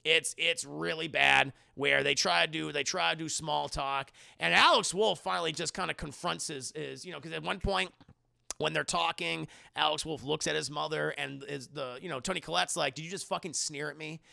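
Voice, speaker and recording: A man's voice: on the high side, normal speed, vocal fry, bright, forceful tone, no echo, studio quality. A man reviewing a film in a casual, rambling, profane recap full of restarts. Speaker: movie reviewer.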